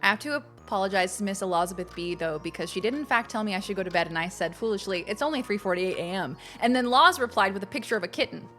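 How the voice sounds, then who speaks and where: A woman's voice: mid-range voice, animated, fast talker, hardly any pauses, pushed and bright, soft background music. A young adult woman hosting a casual live game stream, chatting to viewers in a bubbly, gushing way. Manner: chatty, bubbly, gushes when greeting viewers.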